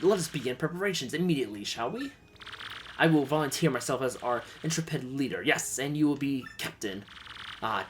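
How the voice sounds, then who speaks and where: A man's voice: medium pitch, fairly bright tone, a little hiss or hum, natural voice. A man voicing a pompous, flamboyant male trader who talks in a grand, theatrical way. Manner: grandiose, dramatic, self-praising.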